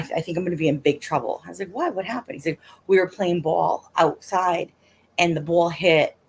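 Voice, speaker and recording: A woman's voice: low-pitched, a little hiss or hum. A middle-aged woman casually telling a rambling story on a livestream, full of fillers and laughs. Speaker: livestream host.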